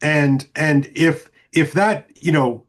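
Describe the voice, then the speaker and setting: A man's voice: a little high, steady tone, takes it slowly. A man who teaches, talking as a podcast guest on a video call in a reflective, lecturing way with many restarts. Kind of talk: casual discussion on a video call.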